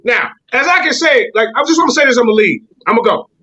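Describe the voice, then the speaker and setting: A man's voice: very high voice, big pitch swings, quick pace, a crowd in the background, low-quality recording. A man, arguing heatedly on a call-in panel and insisting he not be interrupted. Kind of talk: heated argument.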